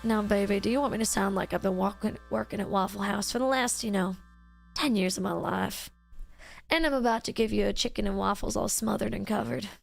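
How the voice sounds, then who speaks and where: A woman doing a gravelly Southern waitress. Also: medium pitch, brisk, voice pushed down. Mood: sassy. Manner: drawling, threatening yet folksy. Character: sassy Southern Waffle House waitress woman. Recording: streamed with music behind.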